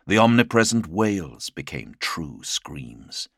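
Deep gravelly guy reading an audiobook, slow, lots of pitch movement. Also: very animated, fairly bright tone, dry recording, studio quality. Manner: dramatic, measured storytelling. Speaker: audiobook narrator. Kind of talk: scripted narration.

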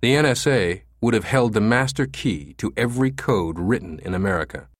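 A man reading a novel aloud as an audiobook narrator, with a steady, measured storytelling delivery. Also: fairly low pitch, no echo, studio quality. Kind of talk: scripted narration.

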